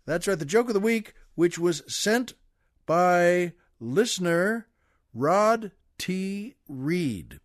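Folksy older man telling a slow joke. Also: high voice, expressive, dry recording, clean studio sound. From United States. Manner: chuckling, folksy, meandering asides. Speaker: podcast host. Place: studio.

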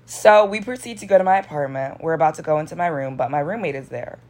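A young woman with a low voice tells a personal story in a loose, casual way. She swears freely and fills her sentences with "like". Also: fast, darkish tone. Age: young adult.

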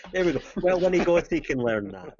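A man's voice: on the high side, lively intonation, a little fast, a little hiss or hum. A man hosting a podcast, casually teasing his co-hosts and laughing often. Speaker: podcast host. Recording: dull lo-fi sound.

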